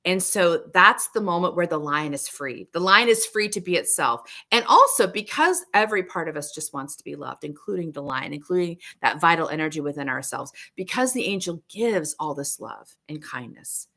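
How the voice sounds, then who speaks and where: A woman's voice: on the low side, big pitch swings, normal speed, hardly any pauses, bright, forceful tone. A middle-aged woman hosting a livestream, teaching in an earnest, searching way and often restarting her thoughts. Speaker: livestream host, tarot teacher.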